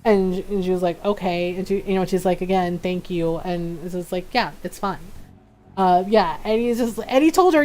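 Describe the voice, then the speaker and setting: A woman game streamer in casual chat, her voice sitting at a middling pitch. She rambles through her stories with plenty of filler words and acts out the back-and-forth of the people in them. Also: brisk. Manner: animated, acts out quoted dialogue. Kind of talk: casual storytelling chat while gaming.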